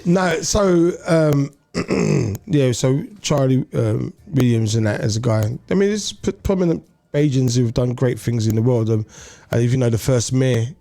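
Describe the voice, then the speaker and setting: A man's voice: medium pitch, measured pace, creaky, warm tone. A man with a London accent hosting a chat show, teasing and explaining with lots of fillers. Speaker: comedian and show host. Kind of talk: casual chat.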